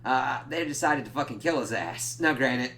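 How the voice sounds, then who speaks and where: A man giving a casual, rambling episode review, swearing freely and slipping into quick character impressions. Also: medium pitch, expressive, a bit bright, slight background noise. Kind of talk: casual spoken recap and review.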